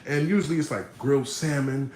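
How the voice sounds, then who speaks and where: A man spins a story to camera in a loose, animated, slang-heavy way, swearing freely and lifting into impressions. His voice sits at a middling pitch and carries some echo in a roomy space, with faint background ambience. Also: brisk, a little hiss or hum. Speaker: vlogger.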